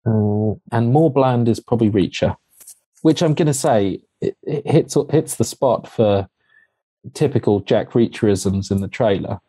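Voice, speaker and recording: A chatty man co-hosting a casual film chat, his voice dark and mellow. He laughs often and restarts his sentences, and he sounds dry and close with little room around him. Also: medium pitch, measured pace, husky, no echo. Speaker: podcast co-host. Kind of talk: casual chat about films and TV.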